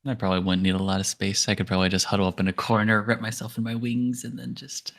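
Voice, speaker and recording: A man with a fairly low voice talks as a player in a tabletop game. His speech is casual and offhand, the way friends chat around a table. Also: completely flat delivery, quick pace, gravelly, a bit bright.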